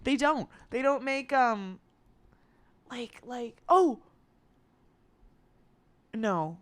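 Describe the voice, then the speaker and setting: Young woman in her 20s goofing around, swears a lot, bouncy lively voice, dry close sound. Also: on the high side, very slow, dry recording. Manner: playful, swearing, rambling. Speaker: vlogger. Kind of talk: casual comedic monologue.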